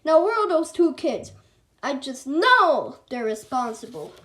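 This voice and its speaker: A young boy putting on the voice of a grumpy, shouting school principal in a storybook reading. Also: extremely high pitch, sing-song, measured pace, a little hiss or hum, exaggerated voice. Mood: angry shouting. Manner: shouting, snarling. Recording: echoey room.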